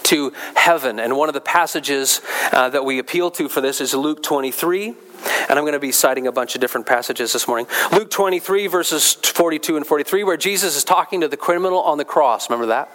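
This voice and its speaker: A man's voice: a little high, brisk, a bit bright, rough recording. A male pastor giving a conversational sermon, repeating key phrases for emphasis.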